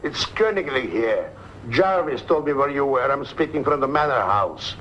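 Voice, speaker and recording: A man's voice: mid-range voice, animated, normal speed, a bit bright, lightly acted. An actor playing an urgent man calling with news in an old British film. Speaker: caller on the telephone in an old film. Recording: dull old film soundtrack with hiss.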